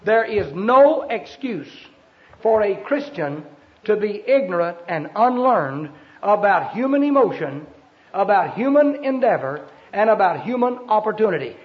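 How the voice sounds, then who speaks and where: A man preaching a sermon, emphatic and fervent, breaking into sudden shouts. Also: high voice, big pitch swings, a little slow. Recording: dull lo-fi sermon recording.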